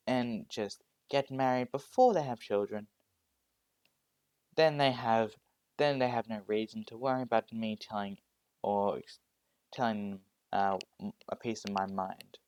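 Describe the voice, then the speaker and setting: A man voicing a quiet, measured young man who speaks softly about keeping secrets. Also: fairly low pitch, smooth, dry recording, natural voice. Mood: calm.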